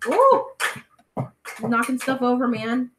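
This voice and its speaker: Chatty woman over loud clicking. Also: on the high side, expressive, measured pace, noisy background. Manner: chatty, laughs often, reads out viewer comments. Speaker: crochet livestream host. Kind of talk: casual chat with live viewers. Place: home.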